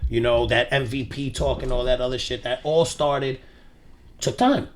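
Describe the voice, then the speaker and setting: A man's voice: medium pitch, moderate pace, a little hiss or hum. A young man co-hosting a casual sports podcast, talking with swearing and reassurance. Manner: animated, profane, reassuring. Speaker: podcast co-host.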